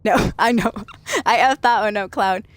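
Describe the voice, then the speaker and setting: A woman's voice: mid-range voice, normal speed, no room sound. A woman from Washington state chatting casually on a late-night gaming stream, laughing and thanking viewers by name. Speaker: game streamer.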